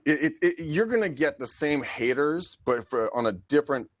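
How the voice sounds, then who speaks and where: A man's voice: fairly high pitch, lively intonation, moderate pace, muffled recording. A man co-hosting a podcast in casual chat, brash and profane, laughing often. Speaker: podcast co-host.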